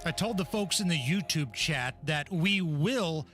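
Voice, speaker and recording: A Midwestern man co-hosting a radio talk show, joking and quick to laugh in casual banter. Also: fairly high pitch, expressive, over music. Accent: Midwestern American.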